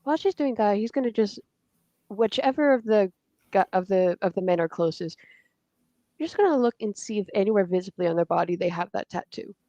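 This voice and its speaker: Woman, tabletop player, fast halting talk, mellow voice, dull lo-fi sound. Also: mid-range voice, animated, no room sound. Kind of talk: casual tabletop game talk.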